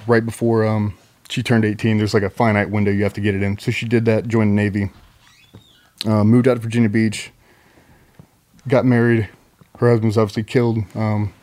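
A middle-aged military veteran telling a long story in a loose, profane way, full of ums and likes. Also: male voice, fairly low pitch, dark tone. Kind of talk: casual storytelling.

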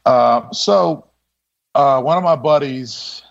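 A man telling a story as a podcast guest, laid-back and quick to laugh, with many fillers and restarts. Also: medium pitch, creaky. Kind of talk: casual storytelling. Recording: dull lo-fi sound.

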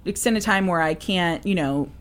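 A young woman co-hosting a podcast chats casually at a normal speed, her pitch fairly low. She tells a personal story as an animated storyteller, acting out quoted voices.

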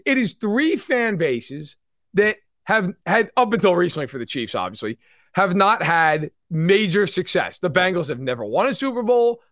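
A man co-hosting a sports podcast in casual chat, animated, acting out fans in loud mock voices. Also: high voice, dry recording, clean studio sound. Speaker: podcast co-host.

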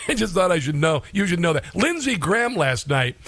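A man's voice: sits high, very animated, a little fast, fairly bright tone. A man hosting a talk radio show, delivering a combative, sarcastic monologue with frequent chuckles.

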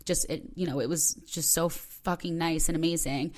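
A woman's voice: low voice, fairly even intonation, normal speed. A young woman hosting her own podcast, talking candidly and rambling with lots of filler words. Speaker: podcast host. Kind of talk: personal podcast monologue.

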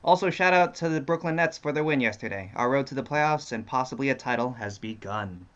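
An easygoing man reading out viewer messages in casual chat, his voice a middling pitch and heard through a dull, slightly lo-fi line. He keeps it relaxed and plain. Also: brisk. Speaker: co-host reading donations.

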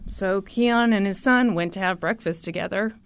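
A woman host telling a story in a lively chat, acting out the quotes. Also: medium pitch, normal speed, smooth, dry recording, studio quality. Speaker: podcast host.

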